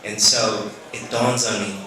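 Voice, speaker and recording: Man, late thirties, from the Philippines, somewhat low voice, halting live storytelling with fillers, big echoey room with an audience. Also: fairly even intonation, a crowd in the background. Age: late 30s. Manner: halting, leans on "you know" fillers. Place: stage before a live audience.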